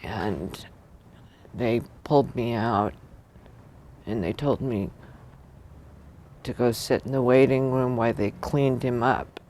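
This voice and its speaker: A widowed woman recalling a loss in a documentary interview, speaking slowly and often sinking into a whisper. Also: a bass voice, darkish tone, a little hiss or hum. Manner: slow, gravelly, often dropping to a whisper. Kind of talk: documentary interview, personal recollection.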